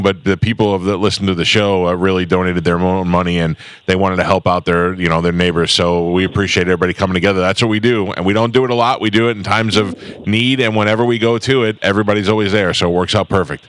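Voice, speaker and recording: Low-voiced man hosting morning radio. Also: fairly even intonation, fast talker, fairly bright tone, clear, resonant tone, no room sound. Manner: joking, self-mocking, talks over co-hosts. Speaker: radio show host. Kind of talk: morning radio call-in banter. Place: radio studio.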